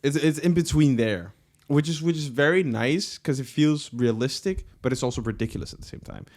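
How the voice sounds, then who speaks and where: A man's voice: on the high side, expressive, fairly quick, a little mellow. A young man with a Danish accent co-hosting a podcast, chatting loosely and swearing while he retells scenes. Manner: loose, swearing, storytelling with acted-out quotes. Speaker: podcast co-host. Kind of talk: casual chat.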